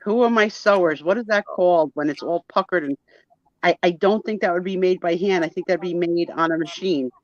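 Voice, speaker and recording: A woman hosting a live sale and chat, teasing her guests in playful, animated banter over a video call. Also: on the low side, fairly quick, no room sound, muffled recording. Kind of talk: casual live-stream chat.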